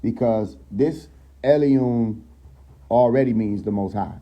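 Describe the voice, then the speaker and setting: A man hosting a casual live stream who teaches from scripture and keeps checking in with his listeners, slowing down and lifting his voice when he reads verses aloud. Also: mid-range voice, dull audio. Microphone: phone.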